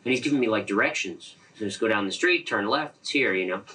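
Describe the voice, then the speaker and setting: A man's voice: on the low side, lively intonation, fast, bright, forceful tone, breathy edge, far from the mic, poor audio. A man telling a story about a friend in an interview, acting out the quoted dialogue with animation. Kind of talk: anecdotal storytelling.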